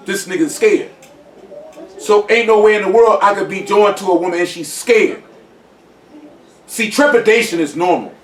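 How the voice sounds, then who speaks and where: A man's voice: high voice, a little hiss or hum. A man talking in a casual group discussion, emphatic and insistent, often asking whether he is understood. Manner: emphatic, repeats "you know what I'm saying". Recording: echoey room, voice from a distance.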